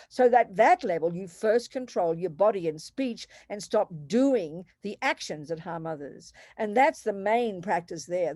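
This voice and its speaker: A woman's voice: lowish voice, darkish tone, no echo. Emphatic, direct woman nun teaching a class; dry, close recording. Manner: emphatic, direct, calls people sweetheart. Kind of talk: teaching and answering questions.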